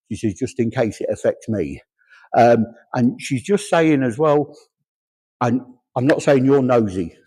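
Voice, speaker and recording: A man's voice: medium pitch, mellow, husky. A man, working as a medium at a church service, relaying spirit messages with chatty humor and quoted voices.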